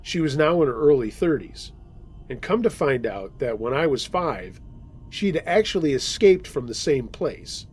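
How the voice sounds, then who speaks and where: Husky-voiced male scary story narrator. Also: on the high side, sing-song, moderate pace, soft background music. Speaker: podcast host reading listener stories.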